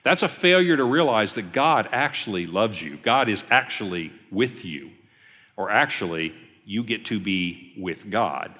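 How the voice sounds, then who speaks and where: Lively pastor man in a reverberant hall. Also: fairly low pitch, unhurried. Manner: lively, acts out quoted voices. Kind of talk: conversational sermon. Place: church sanctuary. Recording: long church hall reverb.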